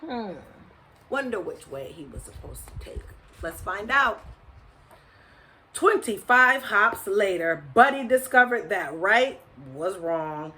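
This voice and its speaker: Lady reading a kids' picture book, slow and lively, chats to the kids in between. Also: mid-range voice, poor audio. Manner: expressive, with chatty asides to young listeners. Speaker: storyteller.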